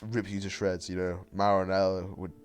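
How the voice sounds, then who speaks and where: A man's voice: deep voice, flat delivery, fairly quick. A man hosting a casual podcast over a call. He laughs often, swears freely and stumbles over his restarts. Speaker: podcast host. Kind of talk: casual chat.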